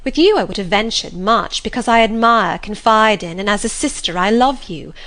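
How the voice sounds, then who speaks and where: A woman's voice: mid-range voice, expressive, moderate pace, a bit bright. A woman reading the lines of an earnest, resolute young heroine, pleading yet firm. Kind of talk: audiobook reading.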